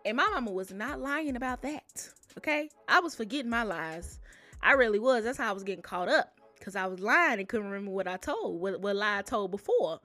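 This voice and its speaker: A young woman telling personal stories in a casual, animated way, often calling out to her listeners. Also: medium pitch, brisk, soft background music. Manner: animated, addresses listeners as y'all. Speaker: storyteller. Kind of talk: casual storytelling to camera.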